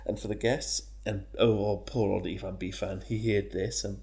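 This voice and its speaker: A man's voice: on the low side, fairly even intonation, moderate pace, vocal fry. A man, a podcast co-host retelling an old legend in casual, slangy, sweary chat, laughing often. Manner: swearing, laughing, slangy, bursts into shouted character voices.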